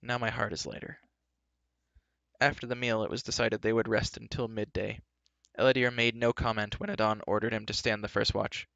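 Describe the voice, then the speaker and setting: A man reads a story aloud with a low, gravelly voice in a steady, even manner. The sound is dry and close with a dull, lo-fi quality. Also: brisk, no room sound. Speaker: narrator. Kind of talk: live storybook reading.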